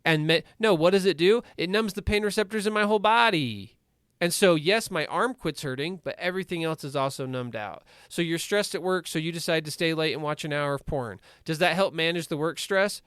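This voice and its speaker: A man in his forties tells stories in a casual podcast interview, full of asides and quick rhetorical questions. His voice is smooth and clear, a little higher than most men's, and recorded dry and close. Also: no echo. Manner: animated storytelling with many asides, "like" and "right?". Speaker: recovery coach.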